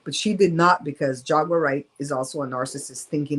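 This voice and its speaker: A woman's voice: sits low, steady tone, normal speed, hardly any pauses, slightly rough, rough recording. A woman hosting a casual live-stream storytime from home, talking in a candid, emphatic and gossipy way. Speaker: host of a live show.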